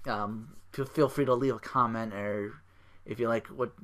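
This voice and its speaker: A man's voice: mid-range voice, fairly even intonation, moderate pace, a bit bright. A man hosting a solo podcast, recapping in a rambling, sarcastic way with fillers, restarts, profanity and weary sighs. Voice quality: sarcastic, profane, mocking impressions of wrestlers. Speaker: podcast host.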